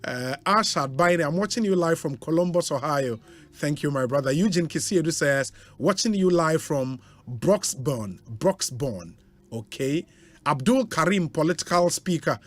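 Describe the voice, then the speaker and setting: A man's voice: a little high, expressive, measured pace. A man with a Ghanaian accent, a radio host reading out listener greetings on air in a chatty way, with interjections between names.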